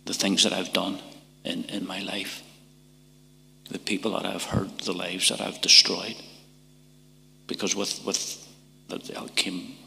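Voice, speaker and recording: A deep, gravelly Northern Irish man tells his story in a church, his voice bright and hard-edged despite the low pitch. He halts and repeats words as emotion builds, sometimes sinking to a whisper, and the hall's long reverb trails behind him. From Northern Ireland. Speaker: testimony speaker. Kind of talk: church testimony.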